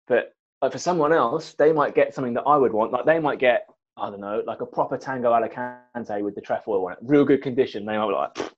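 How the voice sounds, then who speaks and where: A man chats and teases his friends in a casual podcast over a video call. His voice is mid-pitched for a man. The audio comes through dull and lo-fi. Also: quick pace. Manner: chatty, teasing banter.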